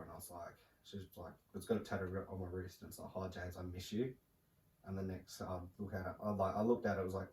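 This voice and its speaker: A young man, a podcast guest telling a personal story in a halting, soft-spoken way with many fillers. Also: sits low. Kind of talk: casual podcast conversation. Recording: roomy, distant mic with faint noise.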